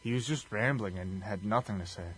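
A man's voice: lowish voice, fairly quick, a little hiss or hum. A man co-hosting a casual chat, asking questions and making wry remarks. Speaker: podcast co-host.

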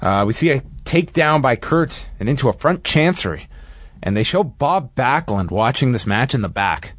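A man's voice: medium pitch, sing-song, a bit bright, dry recording, dull audio. Dry sardonic man recapping matches. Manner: dry, sardonic asides between rapid recaps. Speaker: podcast co-host reviewing wrestling. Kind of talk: casual play-by-play recap.

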